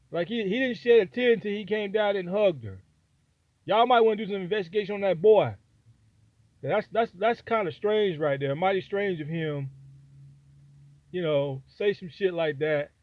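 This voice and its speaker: Brief: fired-up high-pitched man, AAVE, profane vlog rant, tinny phone-quality audio. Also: dry recording. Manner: heated, profane, repetitive. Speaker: vlogger giving opinion. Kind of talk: angry opinion rant. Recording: dry, phone-like sound.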